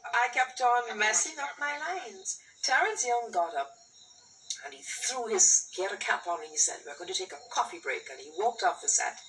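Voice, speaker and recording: A woman in an interview telling a personal story in an animated, expressive way. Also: on the high side, moderate pace. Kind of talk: interview recollection. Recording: distant interview with faint noise.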